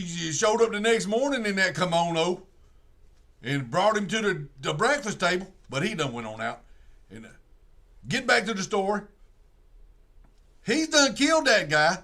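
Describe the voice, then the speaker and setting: A man's voice: high-pitched, a bit bright. Rambling man retelling a movie. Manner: rambling, drawling retelling with many restarts. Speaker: streamer. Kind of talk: casual storytelling, retelling a movie plot.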